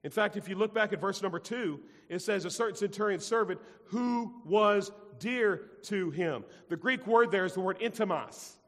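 A man's voice: high-pitched, moderate pace, hardly any pauses. A man preaching a sermon to his congregation, emphatic and repetitive, putting questions to the listeners. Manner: emphatic, repeats phrases, asks the congregation questions. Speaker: pastor. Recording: long hall reverb.

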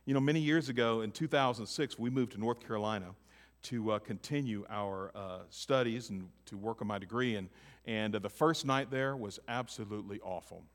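A man preaching a sermon. His delivery swings between loud emphatic lines and hushed, near-whispered ones. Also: lowish voice, fairly quick. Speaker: pastor. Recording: long hall reverb.

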